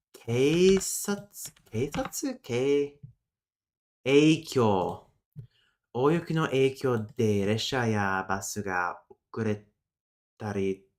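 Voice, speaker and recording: A man hosting a casual live-stream lesson, reading his notes aloud and breaking off to think out loud with muttered asides. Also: medium pitch. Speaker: streamer teaching linguistics.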